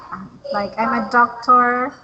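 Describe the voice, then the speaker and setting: A woman tutoring English, patient and encouraging, modeling words slowly for a learner. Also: on the high side, steady tone, dull audio, a crowd in the background. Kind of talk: online English lesson.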